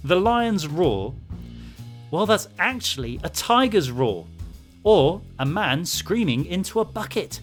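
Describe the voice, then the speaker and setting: Male podcast host, mid pitch, lively, teasing, faint music beneath. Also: slow. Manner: teasing, upbeat. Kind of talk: casual chat.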